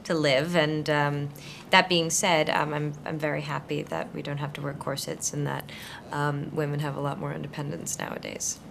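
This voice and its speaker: A woman's voice: low-pitched, flat delivery, moderate pace, creaky, a little hiss or hum. A young actress in her twenties answering interview questions thoughtfully, searching for words with frequent fillers and restarts. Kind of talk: conversational interview.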